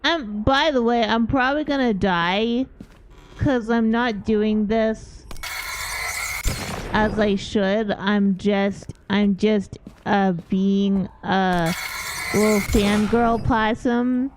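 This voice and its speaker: A young woman streaming a game, chatting casually and gushing with excitement, breaking into little squeals. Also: medium pitch, slow pace, slight background noise. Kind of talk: casual gameplay chat.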